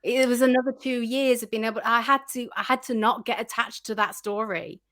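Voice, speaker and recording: A woman's voice: on the high side, fairly even intonation, a little fast, fairly bright tone. A woman guest chatting casually in an interview, full of fillers and restarts, acting out her own reactions.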